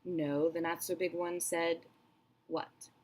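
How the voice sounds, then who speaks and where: Little fussy crocodile guy, woman reading, prim and grossed out, storybook voice, kinda low. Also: level tone, slow pace, darkish tone. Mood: disgusted. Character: small fussy male crocodile, disgusted.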